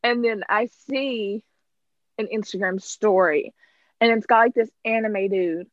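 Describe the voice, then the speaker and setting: A woman's voice: medium pitch, unhurried, dry recording. A young woman co-hosting a casual podcast over a video call, chatty and full of "literally" and "like.". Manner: chatty, says "literally" and "like" a lot, laughs often. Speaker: podcast co-host. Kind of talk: casual chat. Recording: dull, dry lo-fi call audio.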